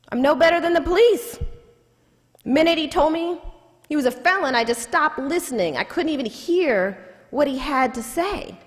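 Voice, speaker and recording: A woman who is a civil rights lawyer, telling a personal story in a public lecture in a college hall, emphatic and repeating key lines for effect. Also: high-pitched. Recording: echoey hall with long reverb.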